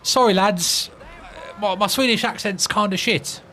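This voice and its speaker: A man's voice: high-pitched, a little slow, bright, forceful tone, slight background noise. Swearing British man streaming a game. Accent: British English. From Britain. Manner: swearing, laughing at his own attempts at tongue twisters. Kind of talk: casual gaming stream chat.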